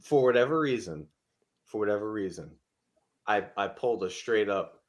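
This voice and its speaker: A man telling a story in casual chat, profane and animated, acting out the people he quotes. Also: on the low side, moderate pace.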